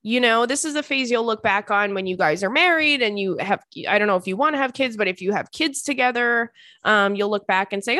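A loose, chatty woman in her thirties talks casually as a show host, rambling and swearing freely. Her voice sits at a middling pitch. The sound is dry and close, with no room echo. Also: fairly quick, sharp tone. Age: 30s. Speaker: podcast host answering listener emails. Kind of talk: casual chat.

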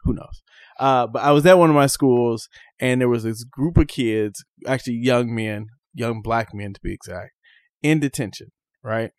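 A man co-hosts a casual podcast, with a middle-pitched voice recorded dry and close. He tells animated stories and acts out the things people said. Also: moderate pace, no echo. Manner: animated storyteller, acts out quotes. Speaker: podcast co-host. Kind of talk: casual chat.

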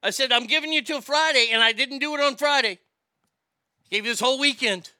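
A man's voice: extremely high pitch, fairly quick, pushed and bright, no room sound, clean studio sound. A man hosting a live stream, chatting casually, ranting with profanity and reading viewer comments aloud.

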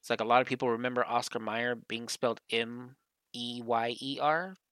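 A man co-hosting a casual podcast, rambling through a story with a steady stream of "like" and "you know". His voice sits at an ordinary middle pitch. The recording is dry and close, with no room sound. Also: moderate pace, clean tone, no room sound. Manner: rambling storyteller, heavy use of "like". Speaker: podcast co-host. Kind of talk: casual chat.

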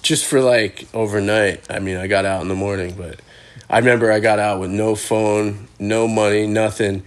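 A man's voice: lowish voice, fairly even intonation, normal speed. Laid-back, profane male storyteller. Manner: profane, rambling, laughs mid-story. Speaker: podcast guest, skater. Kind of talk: casual storytelling.

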